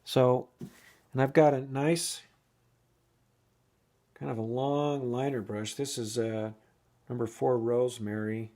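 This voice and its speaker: A man's voice: medium pitch, flat delivery, slow pace, pauses often, mellow. A man giving a casual oil painting lesson, thinking aloud and restarting sentences as he works at the easel. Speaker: painting instructor.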